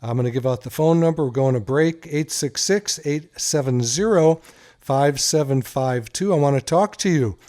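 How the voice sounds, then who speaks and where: A man's voice: on the high side, normal speed, darkish tone. Playful joking male radio host. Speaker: radio show host, doctor. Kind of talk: casual radio talk, telling jokes.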